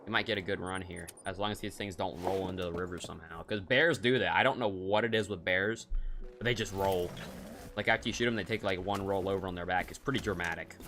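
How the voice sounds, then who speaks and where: A man's voice: low voice, steady tone, quick pace, fairly bright tone, soft background music. A man streaming a hunting game, giving casual, rambling commentary and cracking jokes as he thinks aloud.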